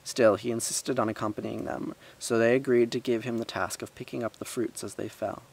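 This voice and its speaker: A man reading a story aloud in a lively way, giving the characters voices and adding his own remarks. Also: medium pitch, fairly quick, vocal fry, breathy edge.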